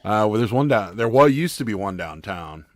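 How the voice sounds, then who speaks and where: Low-voiced man chatting on a livestream. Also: animated, moderate pace, dry recording. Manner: joking, reads viewer comments aloud. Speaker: livestream co-host. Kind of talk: casual live chat.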